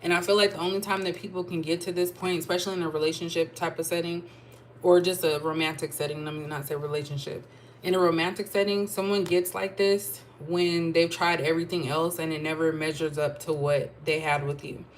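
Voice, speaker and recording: A woman's voice: lowish voice, flat delivery, fairly quick, slight background noise. A woman giving a casual tarot reading, chatting and thinking aloud with asides. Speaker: tarot reader.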